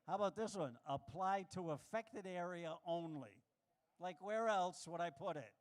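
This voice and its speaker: A man doing a stand-up comedy set on a club stage, animated and acting out the voices he quotes. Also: normal speed. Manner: animated, acts out quoted voices with big pitch jumps.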